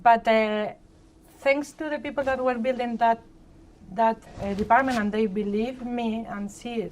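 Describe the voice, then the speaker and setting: A woman's voice: a little high, a little mellow, slight background noise. A woman with a Spanish accent, a panel guest telling her career story in a chatty way that often ends with "right?". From born in Argentina, grew up in Spain. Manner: chatty, tags sentences with "right?". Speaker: panel guest, treasury leader. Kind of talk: personal story on a live panel.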